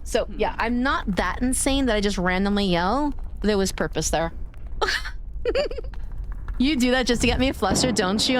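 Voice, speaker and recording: A woman's voice: on the high side, dry recording, studio quality. A woman livestreamer chatting casually with her viewers, playful and teasing, laughing often and swearing freely. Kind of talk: casual chat to a live stream audience.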